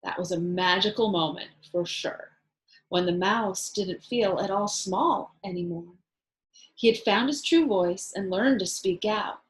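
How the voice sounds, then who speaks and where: A woman teacher reading a rhyming picture book aloud to children, expressive and asking them questions. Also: mid-range voice, poor audio. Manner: slow, expressive, asks listeners questions. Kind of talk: children's storybook read-aloud.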